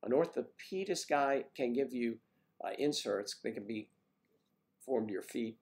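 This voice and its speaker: A man's voice: medium pitch, animated, measured pace, a little mellow. Chatty man hosting a casual livestream. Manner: chatty, rambling, greets viewers by name. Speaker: livestream host reading viewer comments. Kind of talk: casual chat.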